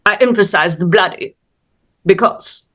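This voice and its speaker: Brief: woman voicing a tiny British vampire mouse gent, unhurried, polite but put out. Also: mid-range voice, a bit bright. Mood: fussy, indignant. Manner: prim, indignant, overly polite. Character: tiny fussy male vampire mouse gentleman.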